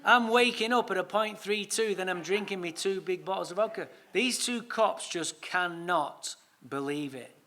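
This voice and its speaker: A man with an English accent tells his story to a recovery meeting, lively and funny, with swearing thrown in. His voice sits high for a man and has a bright, sharp edge. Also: normal speed. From England. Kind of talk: storytelling talk.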